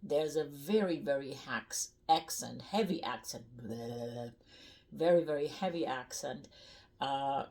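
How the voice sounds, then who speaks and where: An older woman with a German accent chats to camera about her life. She speaks slowly and bluntly, with plenty of fillers. Her voice sits a little low. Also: darkish tone. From North Rhine-Westphalia, Germany. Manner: blunt, chatty, rambling with fillers. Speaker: cooking vlogger. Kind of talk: casual storytelling to camera.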